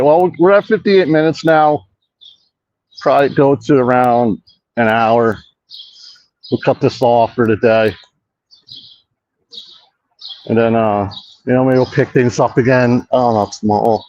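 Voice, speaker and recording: A man's voice: medium pitch, darkish tone, muffled recording, a little hiss or hum. A man hosting a casual walk-and-talk vlog outdoors, rambling, swearing a lot and mocking himself. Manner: rambling, profane, self-mocking. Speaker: host. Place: outdoor park.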